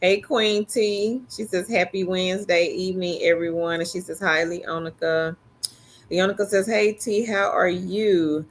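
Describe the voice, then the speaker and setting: Woman co-host, slow easy livestream chat, reads viewer comments. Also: lowish voice, fairly even intonation.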